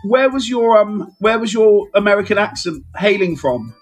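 A man's voice: high voice, expressive, moderate pace, faint music behind. A man co-hosting a casual podcast chat, rambling and easily amused. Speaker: podcast co-host.

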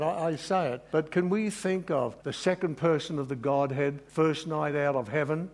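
Earnest preacher man, higher voice. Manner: earnest, emotional, rambling with restarts. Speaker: pastor. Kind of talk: sermon.

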